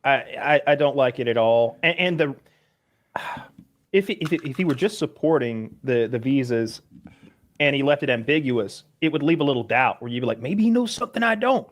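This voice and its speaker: A man co-hosting a podcast, talking in a halting way and repeating words as he starts. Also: medium pitch. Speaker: podcast co-host. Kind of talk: casual podcast chat.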